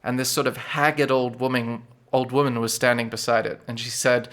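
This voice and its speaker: A man narrating as game master for a tabletop game, relaxed and loose, filling his recaps with "sort of" and "like". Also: medium pitch, moderate pace, few pauses.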